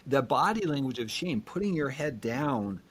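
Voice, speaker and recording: Husky-voiced man hosting a therapy podcast. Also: mid-range voice, expressive, moderate pace. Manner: earnest, explanatory, asks rhetorical questions. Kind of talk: conversational podcast discussion.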